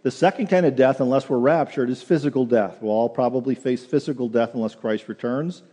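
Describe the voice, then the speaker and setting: A man's voice: mid-range voice, a little fast, mellow, husky. A male pastor preaching a sermon in earnest, often repeating words as he restarts a phrase, in a church sanctuary. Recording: long hall reverb.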